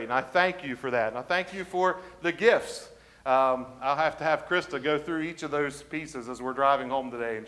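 A visiting preacher man speaks to a congregation, his voice a touch high and notably bright. He tells stories in an easygoing folksy way, with plenty of small fillers. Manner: folksy storyteller with frequent fillers. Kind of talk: folksy sermon and farewell. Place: church sanctuary.

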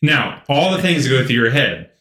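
A man co-hosting a podcast, telling a story in an animated, casual way full of filler words. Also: medium pitch, moderate pace. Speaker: podcast co-host. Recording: roomy echo.

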